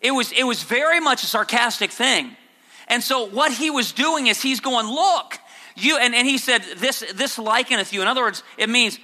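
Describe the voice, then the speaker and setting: Bright-voiced preacher in a reverberant hall. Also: male voice, animated, moderate pace. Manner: preaching, swings between low earnest and high sarcastic mock quotes. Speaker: pastor. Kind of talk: sermon.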